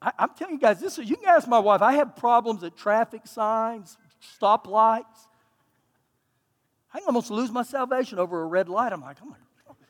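A man with a Texan accent, a pastor preaching a sermon in an animated, folksy, self-mocking storytelling way, recorded in a church sanctuary. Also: extremely high pitch, normal speed. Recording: long hall reverb.

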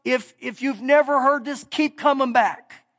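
High-voiced preacher in a reverberant hall. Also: male voice, a little slow, a bit bright. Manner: folksy storytelling, emphatic build-ups. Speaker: pastor. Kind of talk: sermon. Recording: long reverb of a big hall.

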